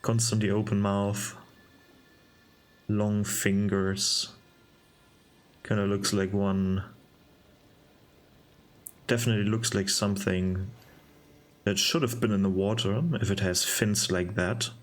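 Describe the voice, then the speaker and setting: A young man talks over his gameplay in a low, deep voice. He takes his time, wandering through his thoughts in a relaxed, musing way. He pauses and restarts his sentences as he goes. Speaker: game video narrator. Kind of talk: casual gameplay commentary.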